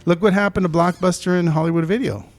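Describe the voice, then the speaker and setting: This podcast co-host has a high voice with a steady tone and a fast delivery. In casual chat, the film producer rambles through the business side, often revising what he says mid-sentence.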